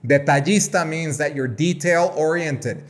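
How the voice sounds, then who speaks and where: A man's voice: on the high side, a little slow. A man co-hosting a podcast, chatty and profane, telling anecdotes. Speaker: podcast co-host. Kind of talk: casual podcast chat.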